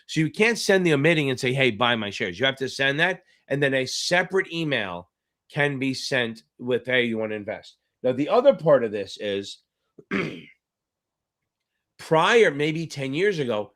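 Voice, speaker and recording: A man's voice: a little high, fairly bright tone. A middle-aged man tutoring on a casual live-stream Q&A, talking in a rambling, chatty way and swearing now and then. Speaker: exam tutor.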